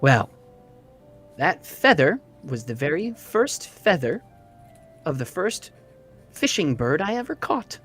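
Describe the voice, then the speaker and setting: A man doing a chipper sing-songy gentleman. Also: fairly high pitch, sing-song, takes it slowly, pauses often, husky, faint music behind, heavily acted. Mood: proud.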